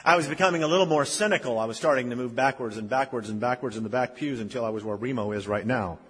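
A man in his fifties preaching a sermon, telling stories and swinging between loud emphasis and hushed, quiet lines. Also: medium pitch, fast, breathy edge. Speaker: pastor. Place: church sanctuary. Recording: long reverb of a church hall.

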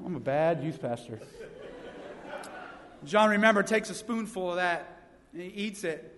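A man's voice: sits high, lively intonation, a little slow, fairly bright tone. A young man, a youth pastor preaching a sermon with energy and funny stories. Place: church sanctuary. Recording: long reverb of a church hall.

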